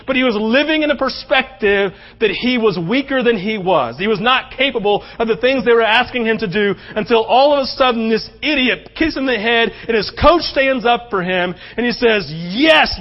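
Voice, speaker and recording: A man preaching a sermon as pastor, telling a story with animated energy and dropping to soft, earnest tones. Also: very high-pitched, muffled recording.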